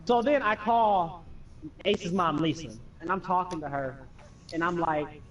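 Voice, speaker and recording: A man's voice: on the high side, moderate pace, far from the mic, muffled recording. A young man casually telling profane stories over gameplay, acting out his friends and family. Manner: animated, profane, acts out quoted friends and family. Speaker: streamer telling stories while playing.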